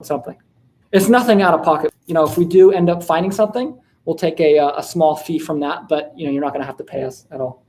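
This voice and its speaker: A man making a friendly cold call, with halting speech full of fillers and restarts. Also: fairly high pitch, darkish tone. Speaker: caller. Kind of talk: phone sales call.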